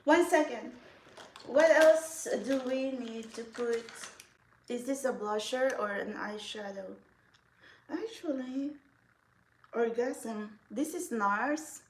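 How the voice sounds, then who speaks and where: A giggly, rambling woman chats her way through a makeup routine, breaking into laughter often. Her voice sits a little high and she takes her time with her words. The sound bounces around a roomy, echoey space at home. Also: a little mellow. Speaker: vlogger. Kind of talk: casual makeup vlog chat. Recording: echoey room.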